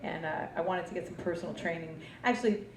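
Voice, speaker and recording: A woman's voice: fairly low pitch, fast. A woman from New Jersey performing a brash, profane stand-up comedy routine on a club stage before a live audience. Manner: brash, profane, punchy delivery. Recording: roomy club recording from a distance, audience noise.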